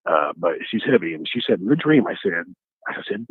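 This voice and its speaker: Male phone caller, lowish husky voice, rambling storyteller, tinny phone line. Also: big pitch swings, brisk, dry recording. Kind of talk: telling a story on a call-in show.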